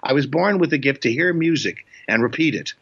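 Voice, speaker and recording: A man's voice: medium pitch, animated, fairly quick, fairly bright tone, slightly rough. A man in his eighties, originally from Indiana, telling rambling show-business anecdotes as a guest, playful and jokey with many fillers and restarts. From Indiana, USA. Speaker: guest, comedian and voice actor. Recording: dull, lo-fi remote audio.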